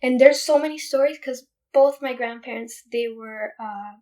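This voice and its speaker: Woman, young adult, from Puerto Rico, podcast guest, emphatic storytelling, fairly high pitch. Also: moderate pace. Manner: animated, emphatic retelling with many restarts. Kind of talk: casual storytelling.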